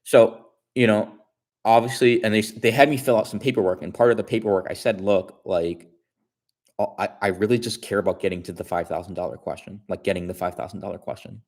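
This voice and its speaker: A man's voice: fairly low pitch, steady tone, fairly quick, darkish tone. A man casually telling a long story on his stream. He repeats himself and restarts his sentences often. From Chicago area.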